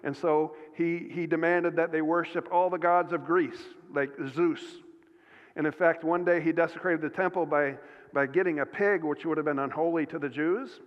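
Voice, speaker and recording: An earnest male pastor preaches a sermon, often restarting his sentences and leaning on "uh" and "um" as he goes. His voice sits a bit high for a man. It rings with long reverb through a church hall, and the recording sounds muffled and dull. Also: fairly even intonation, normal speed.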